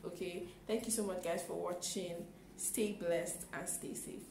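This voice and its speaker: A young woman, telling a storytime in an animated, exclaiming way with acted-out quotes. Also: fairly low pitch, unhurried, gravelly, reverberant, slight background noise, low-quality recording. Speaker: vlogger. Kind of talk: storytime vlog.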